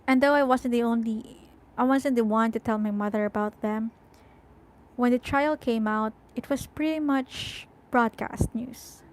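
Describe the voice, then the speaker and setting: A woman reading a first-person novel aloud in a slow, deliberate way. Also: fairly high pitch, rough recording. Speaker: audiobook reader.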